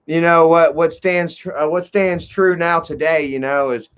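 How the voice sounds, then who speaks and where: A man telling a long, rambling story on a livestream, swearing freely and filling every pause with "you know" while greeting viewers in chat. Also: a little high, fairly even intonation, a bit bright, clean tone. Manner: profane, heavy on fillers like "you know". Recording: dull lo-fi livestream audio.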